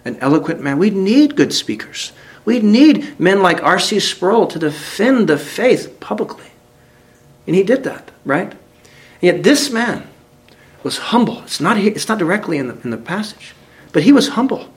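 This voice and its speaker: A high-voiced man preaches at a moderate pace, his pitch swinging widely as he reads scripture aloud. He asks the congregation direct questions, earnestly building to emphatic crescendos and then dropping low.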